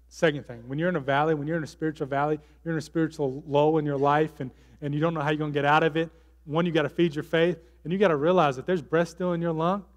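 A man's voice: fairly high pitch, fairly even intonation, fast talker. A male pastor giving a conversational sermon, often tossing rhetorical questions to the congregation. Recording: long hall reverb.

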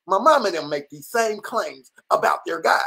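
Brief: combative livestream host, blunt and profane, restarts a lot, average pitch. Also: sing-song, moderate pace, slightly rough, low-quality recording. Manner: repetitive restarts, rising into near-shouts. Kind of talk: casual livestream commentary. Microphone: computer or phone mic on a live stream.

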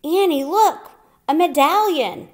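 A woman's voice: medium pitch, big pitch swings, a little slow. A woman voicing a cautious, sensible young boy who gives urgent, bossy instructions in a storybook read-aloud. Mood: calling out.

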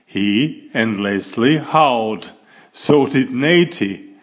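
A man reading a children's picture book aloud as a bedtime story. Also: mid-range voice. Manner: slow, expressive storytelling. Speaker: storybook reader.

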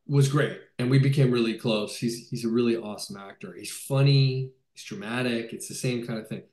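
A man's voice: mid-range voice, a little mellow. A male film director in a casual video-call interview, talking enthusiastically with many fillers and restarts. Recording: roomy echo.

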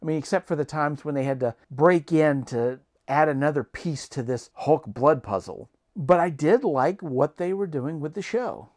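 A man's voice: on the high side, animated, normal speed, few pauses, a little mellow. A man vlogging an opinionated TV review monologue, earnest and emphatic, reasoning point by point.

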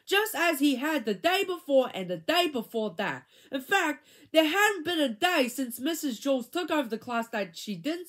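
Woman reading a kids' book aloud, fairly high voice, super animated ups and downs. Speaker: reader.

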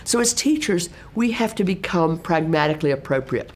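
Animated middle-aged woman explaining teaching. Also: lowish voice, a little fast. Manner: animated, acts out classroom exchanges in exaggerated teacher voices. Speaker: assistive technology specialist and educator. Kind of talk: explanatory talk on teaching practice.

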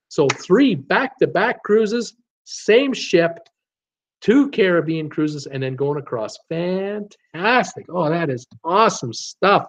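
A man's voice: on the high side, animated, slow pace. A man hosting a travel vlog in a casual, enthusiastic livestream chat, reading out viewer comments. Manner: enthusiastic, repeats praise words.

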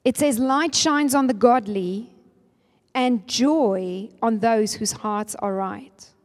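A woman's voice: fairly high pitch, slow pace, darkish tone. Woman preaching in a hall. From Namibia. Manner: earnest, emphatic with rising spikes. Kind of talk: sermon. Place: church hall. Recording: long church hall reverb.

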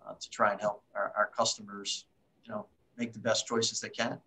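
Exec guy, bright voice, stop-start answers, lots of "you know". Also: lowish voice, moderate pace, gravelly, low-quality recording. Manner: hesitant, many restarts and "you know". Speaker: company chief executive. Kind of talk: panel discussion answers.

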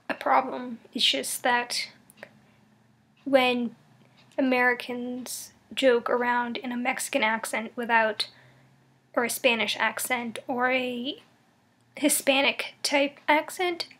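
A woman's voice: on the high side, steady tone, takes it slowly, long pauses, a bit bright. A young woman talking casually to camera in a vlog, sharing her thoughts in a rambling, thoughtful way with many fillers and restarts. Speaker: vlogger.

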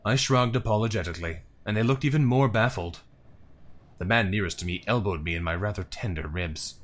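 Deep-voiced man reading a story game aloud. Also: a little fast. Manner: expressive storybook reading with musing asides. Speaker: let's play narrator.

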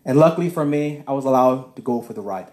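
Animated man telling a testimony, echoey. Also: medium pitch, fast. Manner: acts out dialogue with shifting voices.

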